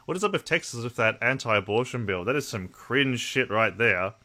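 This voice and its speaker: An Australian man hosting a livestream, talking casually and bluntly to his chat. His voice is bright and forward, with a middling pitch and plenty of swearing. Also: lively intonation, normal speed. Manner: blunt, profane, talks to chat. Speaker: livestream host.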